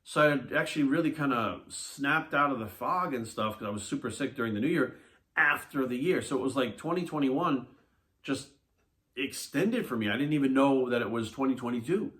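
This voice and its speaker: A man who talks quickly. He is a fitness coach telling a personal story straight to his viewers. He is blunt and animated, and he swears freely. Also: mid-range voice. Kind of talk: casual monologue to camera.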